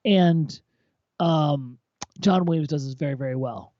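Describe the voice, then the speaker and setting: A man's voice: on the high side, unhurried, dark tone. Blunt, profane tipsy man. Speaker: co-host reviewing viewer compositions. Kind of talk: casual tipsy livestream chat. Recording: dull lo-fi dry sound.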